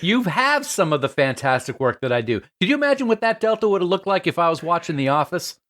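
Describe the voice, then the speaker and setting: A man's voice: sits high, very animated, quick pace, fairly bright tone. A middle-aged man co-hosting a podcast in casual chat, playful and laughing often. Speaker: podcast co-host.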